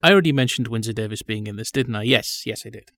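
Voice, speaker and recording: A man's voice: lowish voice, fast, fairly bright tone, no room sound, studio quality. A man chatting casually as a podcast co-host, telling wry, digressive stories. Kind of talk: casual chat about old British TV.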